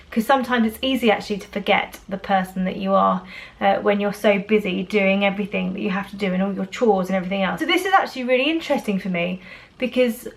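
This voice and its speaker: Woman in her 30s rambling to her camera at home, lots of uh and um. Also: medium pitch. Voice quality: chatty, rambling with fillers and restarts. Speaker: vlogger. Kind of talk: casual talking-to-camera vlog.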